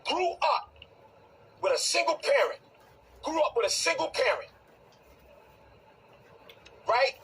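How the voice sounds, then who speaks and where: A man's voice: very high voice, very animated, measured pace, creaky, long pauses, a bit bright, recorded from a distance, a little hiss or hum, rough recording. A man from Brooklyn, a bishop, delivers a confrontational rant and repeats his phrases for emphasis. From Brooklyn, New York. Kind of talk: heated direct-to-camera rant.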